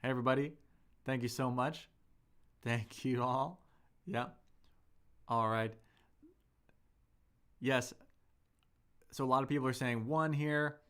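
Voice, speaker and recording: A man hosting a live Chinese lesson, chatty and upbeat, reading viewer comments aloud and slowing down to model tones. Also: mid-range voice, steady tone, a bit bright, clear, resonant tone. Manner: reads viewer comments aloud and answers them. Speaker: Chinese teacher and livestream host. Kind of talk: live-streamed language lesson reading chat.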